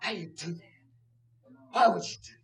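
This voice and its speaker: A woman pastor preaching a fiery sermon in church, shouting with a breaking, impassioned voice. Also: on the low side, normal speed. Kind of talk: fiery Pentecostal-style preaching. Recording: music under the voice. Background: music playing.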